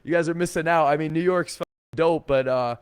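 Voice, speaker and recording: A man doing a loud, chummy bar guy. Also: a little high, brisk, smooth, no room sound, clean studio sound, close to an everyday voice. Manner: loud, upbeat, casual slang. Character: friendly loud young guy approaching a group.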